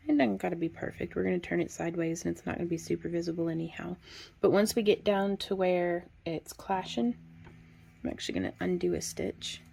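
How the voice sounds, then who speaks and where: A woman giving a relaxed, chatty hands-on craft tutorial, talking through each step and counting stitches aloud. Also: fairly low pitch, a little fast, creaky, breathy edge. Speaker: craft instructor.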